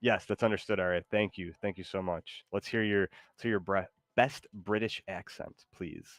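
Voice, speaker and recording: A man streaming a game and chatting casually with an AI companion, loose and excitable, with rambling fillers. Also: sits low, normal speed, no echo, clean studio sound. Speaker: gaming streamer. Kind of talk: casual live commentary while playing.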